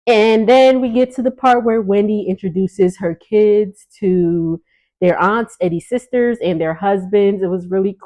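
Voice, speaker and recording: A woman's voice: medium pitch, a little mellow, low-quality recording. A woman vlogger talks through a reality show episode from the sitting area of her home kitchen. She is chatty and sassy, breaking into laughs as she goes. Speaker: recap vlogger. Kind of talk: casual reality TV recap.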